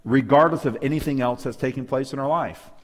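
A man's voice: mid-range voice, fairly quick, long reverb tail. A man preaching a Bible lesson to a live and online congregation, emphatic, asking rhetorical questions and calling for amens. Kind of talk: sermon-style Bible study. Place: church hall with live and online audience.

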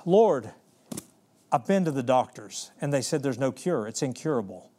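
A man's voice: mid-range voice, animated, normal speed, warm tone, voice pushed down, lightly acted. A man preaching voices a desperate leper who pleads wearily for help. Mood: pleading. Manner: pleading, weary.

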